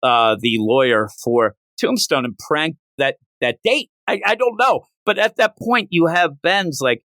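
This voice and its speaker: A man's voice: a little slow, dry recording. A man casually chatting through a comic book review, joking and acting out the characters' lines. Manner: animated, jokey, acts out quotes with big pitch jumps.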